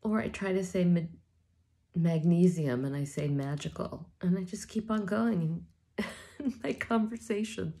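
A woman crying as she talks in a personal video diary, halting and often dropping to a whisper. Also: on the low side, vocal fry, warm tone. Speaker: vlogger.

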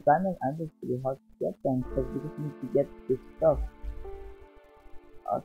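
A man hosting his gaming channel, giving casual, rambling commentary over his gameplay and often exclaiming with excitement. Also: a little high. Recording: dull lo-fi sound. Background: faint background music.

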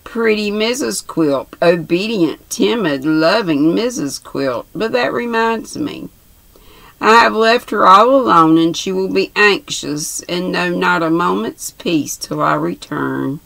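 A woman's voice: lowish voice, lively intonation, takes it slowly, creaky, a bit bright, dry recording, heavily acted, poor audio. A woman reading aloud who voices a cruel dwarf man with a mocking, sneering manner.

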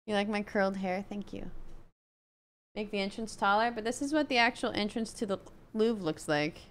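A woman livestreaming a game with casual commentary, hiccuping, reacting excitedly to chat, swearing and laughing often. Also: medium pitch, normal speed. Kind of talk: casual live gameplay commentary.

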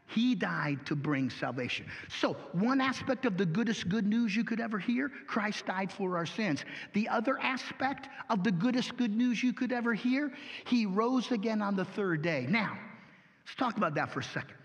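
High-voiced male pastor, lively and folksy in delivery, with long church-hall reverb. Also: moderate pace. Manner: animated, folksy, rhetorical questions. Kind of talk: sermon.

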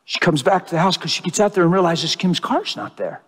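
A man delivers a sermon in a fairly high voice, stressing his points by repeating phrases. His words ring out with a long reverb that suggests a large hall. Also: animated, brisk, fairly bright tone, slightly rough. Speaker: preacher.

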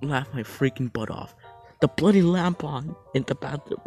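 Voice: mid-range voice, moderate pace, warm tone, faint music behind. A creator who reads funny texts aloud, laughing often and apologizing for it. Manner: laughs often while reading. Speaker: video creator.

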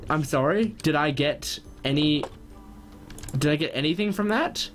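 A young man giving excitable gameplay commentary, quick to get frustrated and loud when things go wrong. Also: on the high side, faint music behind. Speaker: gaming channel host.

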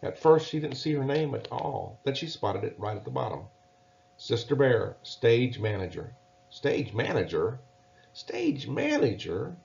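A man reading a children's storybook aloud in a gentle, measured way. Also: lowish voice, gravelly. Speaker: narrator. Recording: dull lo-fi recording.

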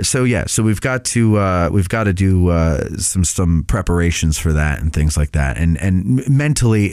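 A man with a fairly low voice talks through a casual podcast update. He rambles, stops and restarts often, and fills gaps with "uh" and "um". The recording is dry and close, with no room sound. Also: a little mellow, no room sound. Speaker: podcast host.

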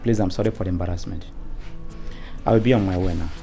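A gravelly husband. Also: male voice, low voice, quick pace, soft background music. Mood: apologetic. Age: middle-aged. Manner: shouts at his wife, then apologizes humbly to the doctor. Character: harried middle-aged husband and father. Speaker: father of the pregnant daughter. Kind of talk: Nollywood film acting.

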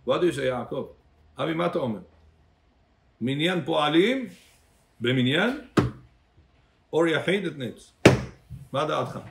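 A man's voice: on the high side, animated, fast talker, creaky, pauses often, a little hiss or hum. A rabbi teaching a Torah class to a congregation. He calls on listeners by name, quizzes them, and switches between English and Hebrew phrases.

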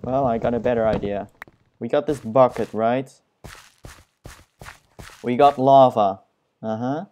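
A young man giving casual, self-mocking commentary while he plays a video game, dropping puns in a flat tone. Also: medium pitch, a little slow, long pauses, muffled recording, a little hiss or hum. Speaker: Let's Play gamer.

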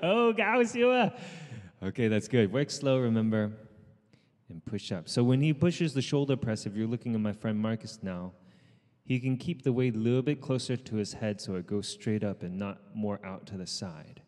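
A man leading an outdoor group workout as trainer, calling out counts and urging people on, with quick asides in Cantonese. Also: fairly low pitch, long reverb tail. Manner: shouted counting and encouragement, switching into Cantonese asides. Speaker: fitness trainer. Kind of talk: live workout coaching. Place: outdoors in the sun.

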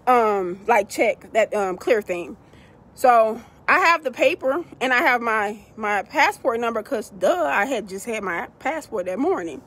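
A woman telling a travel story to her viewers in a casual vlog, animated, calling them y'all. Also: fairly high pitch, measured pace, slightly rough. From United States. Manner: animated, addresses viewers as y'all, acts out quoted people.

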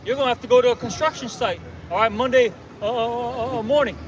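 Confrontational street preacher, man, very high voice, distant mic, heavy traffic noise behind. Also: fast. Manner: loud, confrontational, frequent "okay?" tag. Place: outdoors on a street.

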